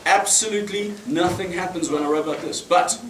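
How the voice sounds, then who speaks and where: A man's voice: high-pitched, brisk, fairly bright tone, reverberant, a little hiss or hum. A man from South Africa with a South African accent, performing card magic in a restaurant and chatting to his audience with frequent laughs. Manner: chatty, laughing between lines, asks audience questions. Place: restaurant, indoors.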